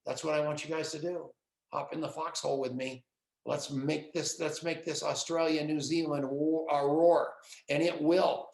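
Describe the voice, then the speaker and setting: A middle-aged man gives a rambling, fervent pep talk over a video call. His voice sits a little high, with a gravelly fry running through it. The sound is roomy and echoey. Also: fairly even intonation, normal speed. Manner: fervent, rambling, shouts out names. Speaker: network marketing leader.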